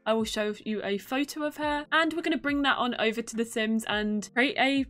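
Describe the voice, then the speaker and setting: A woman's voice: fairly high pitch, brisk, a bit bright. A young woman chatting casually as she plays a game, musing aloud and thinking through her choices. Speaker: gaming YouTuber. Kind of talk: casual gameplay commentary. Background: faint game music.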